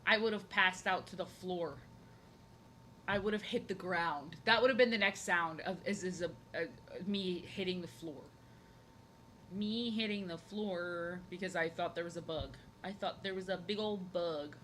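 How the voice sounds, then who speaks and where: A woman's voice: on the low side, normal speed, a bit bright, slight background noise, poor audio. A young woman chatting casually and playfully while drawing on a live stream, rambling and repeating her phrases.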